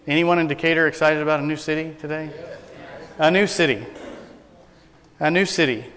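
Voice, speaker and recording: A man's voice: fairly high pitch, brisk, fairly bright tone, in a large hall. A man preaching a sermon to a congregation, folksy and joking, telling jokes as he goes. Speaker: pastor. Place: church sanctuary.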